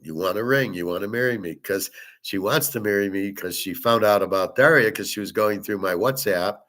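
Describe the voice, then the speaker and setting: Middle-aged male host, low voice, blunt and profane casual monologue. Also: fairly quick, fairly bright tone.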